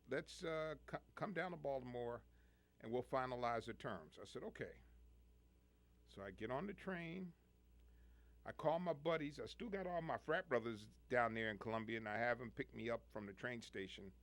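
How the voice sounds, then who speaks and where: Male call-in radio host from the US, animated storyteller, gravelly voice with a lively pitch. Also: moderate pace. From United States. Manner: animated storyteller, laughs often.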